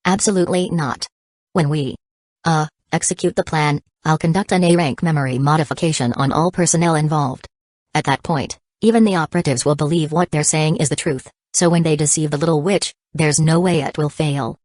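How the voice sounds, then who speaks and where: A woman's voice: low voice, fairly quick, a little mellow, no room sound. A woman voicing a confident, scheming young man who leads a foundation, speaking dismissively, in an audiobook reading.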